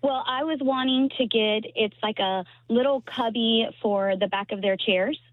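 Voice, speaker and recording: A woman teacher calls a radio show from her parked car. She speaks earnestly, pausing to find her words. The thin, phone-like line is dry and close. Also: a little high, dry recording. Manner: earnest, a little halting. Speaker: third grade teacher, caller. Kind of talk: casual phone call on radio.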